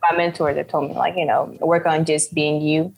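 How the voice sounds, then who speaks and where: A woman's voice: sits low, flat delivery, normal speed, gravelly, rough recording. A woman from the Midwest who works as a local news reporter, chatting casually and explaining at length in a podcast interview.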